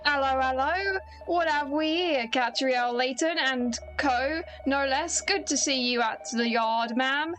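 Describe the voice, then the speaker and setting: A British woman reading aloud as a jovial male police inspector, in a bright, hearty tone. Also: high-pitched, a little slow, a little hiss or hum, poor audio.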